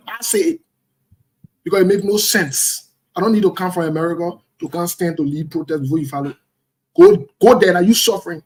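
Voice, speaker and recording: A man's voice: high voice, a little fast, darkish tone, slightly rough. A man giving heated, blunt political commentary, repeating his points emphatically.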